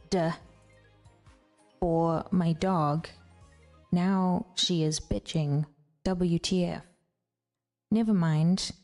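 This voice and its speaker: A woman chatting casually on a stream, rambling and sometimes dropping into a whisper. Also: lowish voice. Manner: rambling, slips into hushed whispers.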